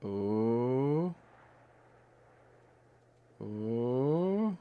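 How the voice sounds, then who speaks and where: A man running an online tabletop game as game master, halting and full of fillers, joking at his own expense. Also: mid-range voice, animated, smooth, dull audio.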